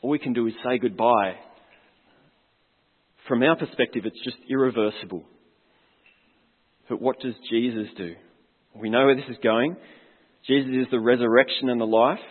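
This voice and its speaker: A man's voice: mid-range voice, fairly even intonation, normal speed, pauses often, slightly rough. A man preaching a sermon as a pastor, earnest and reflective, putting questions to his congregation. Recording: long hall reverb, tinny phone-like sound.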